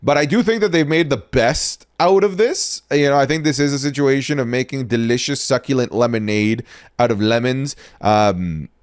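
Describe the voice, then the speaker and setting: A young man co-hosting a casual podcast. He talks in a relaxed, rambling way, full of fillers and restarted sentences. His voice sits at an everyday middle pitch. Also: normal speed, clean tone. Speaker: podcast co-host.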